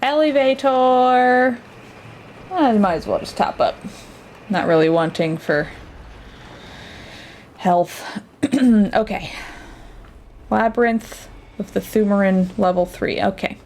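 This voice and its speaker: A woman's voice: mid-range voice, lively intonation, takes it slowly, pauses often, a little mellow, a little hiss or hum. A woman streamer chatting casually and reacting aloud as she plays a game. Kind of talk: casual let's-play commentary.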